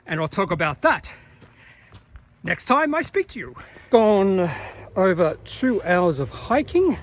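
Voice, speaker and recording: On an outdoor rainforest trail, a hiking vlogger films himself and talks in a high-pitched voice. His casual narration is chatty and rambling, filled with fillers and self-corrections, over slight background noise.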